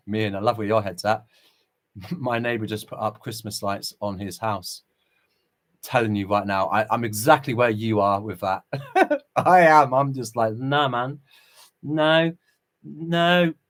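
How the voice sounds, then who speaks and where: A man's voice: fairly low pitch, a little slow, pauses often. A middle-aged man hosting a casual livestream, greeting chat viewers and preaching with passion and short chuckles. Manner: impassioned, preachy, chuckles between remarks. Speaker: livestream host.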